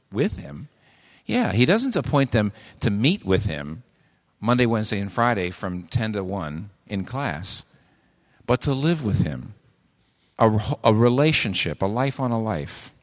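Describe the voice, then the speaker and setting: A man preaching a sermon, animated and full of rhetorical questions. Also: lowish voice, in a large hall. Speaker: pastor.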